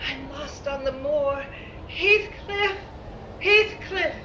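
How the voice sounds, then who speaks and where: A woman's voice: high-pitched, takes it slowly, sharp tone, full character voice. A woman voicing the ghost of a young woman lost on the moor, pleading and wailing in an old-time radio drama. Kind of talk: 1930s-style radio drama acting. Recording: echoey, dull, noisy remote recording.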